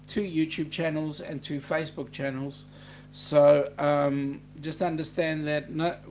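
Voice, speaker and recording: A man's voice: on the high side, a little hiss or hum. Chatty Australian man hosting a livestream. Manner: reads out viewer comments, chatty with fillers. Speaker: livestream host. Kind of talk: casual livestream chat.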